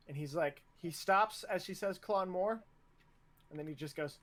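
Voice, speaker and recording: A man narrating a tabletop game as game master, relaxed and stop-start with fillers. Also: fairly high pitch, normal speed.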